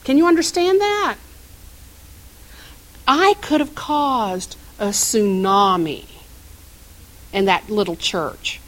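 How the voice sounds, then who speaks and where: A woman's voice: mid-range voice, slow pace, pauses often, fairly bright tone, rough recording. A middle-aged woman minister preaching a sermon, telling stories and asking the congregation questions. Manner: storytelling, asks the congregation questions.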